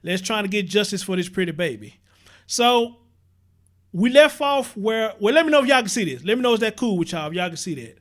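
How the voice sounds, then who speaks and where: A man's voice: sits high, big pitch swings, brisk. A man hosting a casual livestream, chatting straight to his viewers and greeting them by name. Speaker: livestream host.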